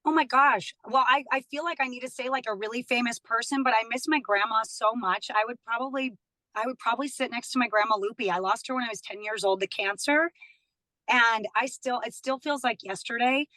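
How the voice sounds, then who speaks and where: Bright-voiced woman chatting as a guest. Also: fairly high pitch, a little fast, no echo, poor audio. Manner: chatty, warm, laughs often. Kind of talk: casual chat. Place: studio.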